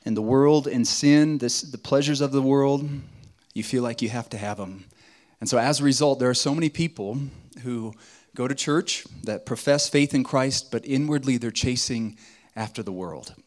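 A man's voice: mid-range voice, moderate pace. A male pastor preaching conversationally at a retreat, joking with the audience. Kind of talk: sermon at a retreat. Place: retreat meeting hall.

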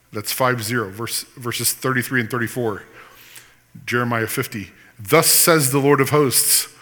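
A male pastor preaching with a bright, forceful voice that swings from loud emphatic scripture to quieter explaining. His sermon rings out with a long hall reverb. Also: medium pitch. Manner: impassioned preaching, reading scripture aloud with teaching asides.

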